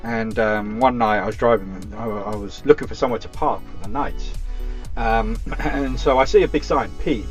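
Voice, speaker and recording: A man's voice: fairly low pitch, normal speed, faint music behind. A man with an Essex accent, a taxi driver telling stories in a casual chat. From Essex, England. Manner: chatty, animated anecdote telling.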